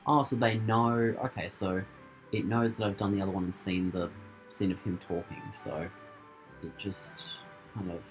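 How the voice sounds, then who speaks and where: Soft background music plays under a gaming channel host's casual let's-play commentary. He speaks in a low voice with fairly even intonation at a moderate pace, laughing and joking playfully as he plays.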